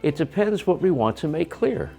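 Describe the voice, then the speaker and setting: Lively American man teaching English. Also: a little high, moderate pace, vocal fry, soft background music. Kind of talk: scripted lesson with acted skits.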